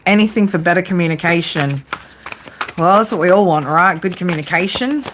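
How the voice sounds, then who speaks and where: A woman's voice: fairly low pitch, a little fast, noisy background. A woman doing a casual live tarot reading, teasing her viewers and swearing freely as she talks through the cards. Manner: teasing, profane banter with viewers. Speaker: psychic tarot reader.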